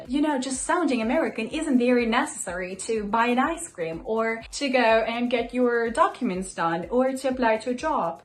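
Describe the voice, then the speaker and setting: High-voiced teen girl vlogger. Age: teens. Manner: chatty, loose, with fillers like "basically". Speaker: language vlogger. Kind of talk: casual talk to camera.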